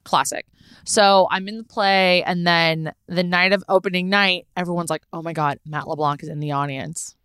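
Low-voiced woman telling a story. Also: normal speed, smooth, no room sound, clean studio sound. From Los Angeles. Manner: animated, swearing, laughing storyteller. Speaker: podcast host. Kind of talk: casual storytelling chat.

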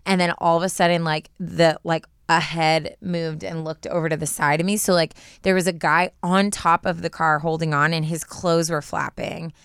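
A woman's voice: deep voice, level tone, moderate pace, few pauses, a bit bright, clear, resonant tone, no room sound, clean studio sound. A young woman co-hosting a podcast, casually retelling a scary story with lots of filler words. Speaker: podcast co-host.

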